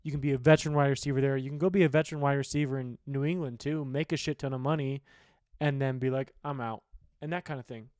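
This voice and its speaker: A man's voice: medium pitch, flat delivery, fast talker, darkish tone, smooth, no room sound, studio quality. A man hosting a sports podcast, talking football news in a rambling, opinionated way and swearing casually. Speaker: sports betting podcast host.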